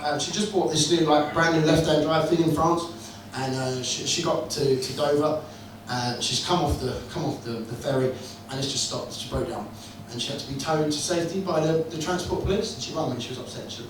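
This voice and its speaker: High-voiced man doing crude stand-up. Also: a little fast. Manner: crude, swearing, wry storytelling. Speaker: stand-up comedian. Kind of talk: stand-up comedy set. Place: comedy club room, indoors. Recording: echoey club room, distant mic, noisy.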